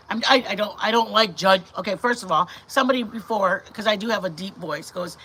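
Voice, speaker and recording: A middle-aged woman vlogger telling a story to her viewers in a chatty, animated way that often turns to her faith. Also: medium pitch, a little fast, hardly any pauses, a little hiss or hum. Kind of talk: casual storytelling to camera.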